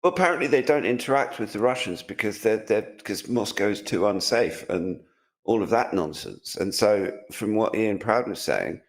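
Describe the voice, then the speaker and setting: Man, from Britain, lowish voice, opinionated, mocking, casual chat. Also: animated, normal speed. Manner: opinionated, mocking, rambling with restarts. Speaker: co-host, tech commentator.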